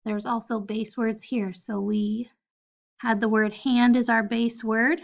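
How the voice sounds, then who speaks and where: A woman's voice: a little high, flat delivery, takes it slowly, vocal fry, muffled recording. A woman teaching a phonics lesson to first graders, patiently spelling out letters one at a time. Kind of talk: recorded phonics lesson for children.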